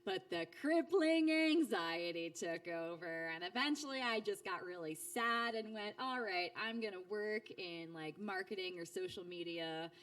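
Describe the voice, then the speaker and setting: Speaking a little slowly with few pauses, a woman in her thirties, a voice actor appearing as a guest, tells stories in a casual interview from a distant mic. She's animated and chatty, full of fillers and restarts, and acts out quoted lines with big jumps in pitch.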